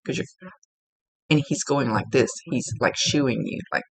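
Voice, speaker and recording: Gravelly woman giving a psychic reading. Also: extremely low pitch, dry recording, rough recording. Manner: halting, searching for words. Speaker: psychic medium.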